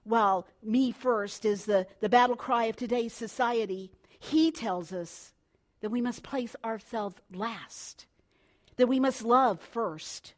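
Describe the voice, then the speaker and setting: Older woman preacher, slightly high voice, storytelling sermon that drops to a hush and swells again. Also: slow pace. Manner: storytelling, swings between hushed and loud.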